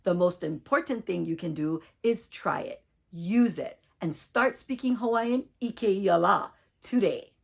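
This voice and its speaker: A woman teaching a short online language lesson, speaking clearly and deliberately as she leads repeat-after-me drills. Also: mid-range voice, lively intonation.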